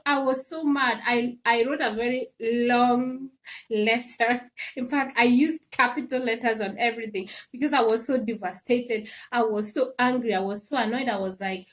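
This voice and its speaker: Woman telling a story on a livestream, fairly high voice. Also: moderate pace. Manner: animated storytelling with laughs and repeated phrases. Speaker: live stream host. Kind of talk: casual livestream chat. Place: home in Sweden.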